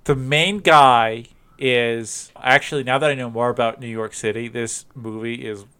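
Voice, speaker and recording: A man's voice: mid-range voice, steady tone, normal speed, bright, forceful tone, clear, resonant tone. A man co-hosting a podcast in casual chat, rambling with frequent laughs and restarts. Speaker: podcast co-host.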